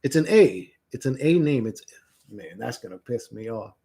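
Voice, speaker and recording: A mellow, husky man's voice of medium pitch, with lively intonation and normal speed, belongs to a livestream host. He casually reads viewer comments, rambling and joking with plenty of profanity.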